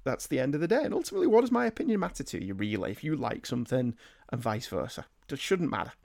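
A man's voice: medium pitch, big pitch swings, fast talker, creaky, a little mellow, dry recording, clean studio sound. A middle-aged man hosting a solo podcast, reading listener emails aloud and answering them in a chatty, rambling, self-deprecating way. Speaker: podcast host.

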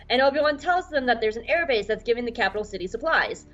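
A woman's voice: fairly high pitch, lively intonation, brisk, few pauses, a bit bright, highs cut off. Chatty woman recapping a cartoon. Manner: chatty, irreverent. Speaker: podcast host. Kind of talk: casual recap.

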